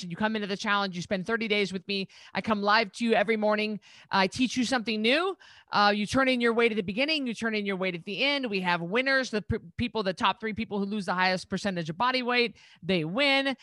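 A woman's voice: medium pitch, a bit bright, no room sound. A woman who works as a weight-loss coach, speaking bluntly and emphatically as an interview guest. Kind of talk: casual interview chat.

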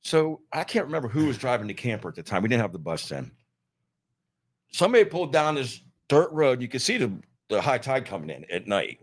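A middle-aged man from Ohio spins an easygoing road story about touring with a band. His pitch moves freely as he quotes the people he met. Relaxed, conversational chat. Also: brisk. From Ohio, near Youngstown.

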